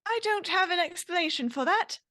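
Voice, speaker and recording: A woman playing her character in a tabletop game, speaking hesitantly with many pauses and fillers. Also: very high voice, animated, bright, forceful tone. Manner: hesitant, lots of ums, careful phrasing. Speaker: player.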